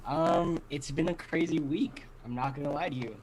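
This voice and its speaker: A man's voice: a little high, normal speed, a little mellow, a little hiss or hum. A young man guesting on a casual podcast, laid-back and swearing casually as he tells stories with many fillers. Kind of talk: casual interview chat.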